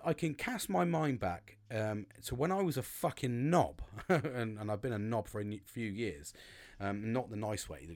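Animated man, rambling pep talk. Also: mid-range voice. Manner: rambling, repeats words, swears freely. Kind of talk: casual motivational monologue.

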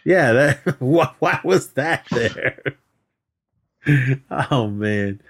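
A man's voice: medium pitch, lively intonation, extremely slow, slightly rough. A man co-hosting a podcast, casually recapping a film, laughing often and acting out quotes as he rambles. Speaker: podcast co-host. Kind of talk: casual movie recap chat.

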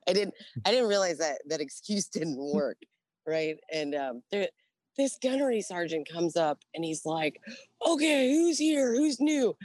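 Lively storytelling woman in her forties. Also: deep voice, a little slow, dry recording, studio quality. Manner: lively, profane, laughs often, acts out dialogue. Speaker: Navy veteran guest. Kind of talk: casual storytelling interview.

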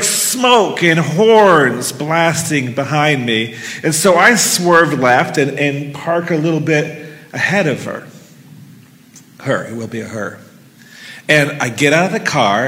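A man's voice: fairly high pitch, pushed and bright. A middle-aged man telling a personal story live on stage into a handheld mic, earnest and vivid, with casual swearing. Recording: long reverb of a hall.

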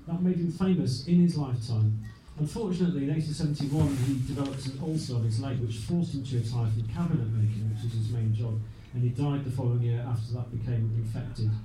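A man's voice: medium pitch, fast talker, hardly any pauses, dark tone. A man hosting a live show, chatting as he reads facts from his notes. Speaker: host. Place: live venue. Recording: echoey room, from far off with faint noise.

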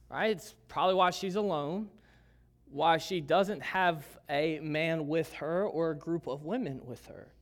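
A middle-aged pastor preaching a sermon in a church, conversational and joking, with asides to the congregation. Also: male voice, fairly high pitch, sharp tone.

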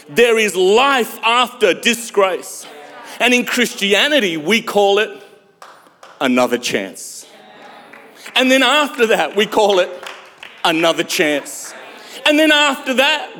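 A high-pitched man preaching a sermon at an unhurried pace, leaning on dramatic pauses before swelling to loud, emphatic lines. His voice rings with a long reverb off a large church hall. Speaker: pastor.

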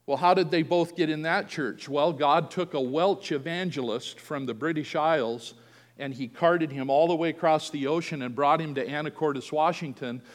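Higher-voiced male preacher in a reverberant hall. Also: moderate pace. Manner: storytelling, acts out quoted voices. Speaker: pastor. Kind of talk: sermon.

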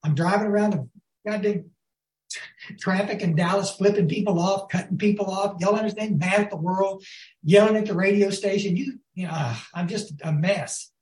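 A man's voice: high-pitched, moderate pace, darkish tone. Folksy man in an echoey room. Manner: folksy storytelling, addresses the audience as y'all. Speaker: recovery speaker. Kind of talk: lively recovery talk to a group. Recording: roomy echo.

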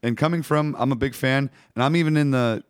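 A man's voice: mid-range voice, brisk, no echo, studio quality. A man co-hosting a casual podcast, blunt and casually swearing, with some stammers. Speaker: podcast co-host. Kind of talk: casual chat.

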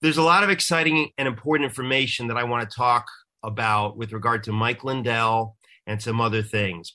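Stuffed-up, bright-voiced male radio host. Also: mid-range voice. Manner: jokey, rambling, self-deprecating. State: stuffed up, congested. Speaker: talk show host. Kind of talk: casual radio talk.

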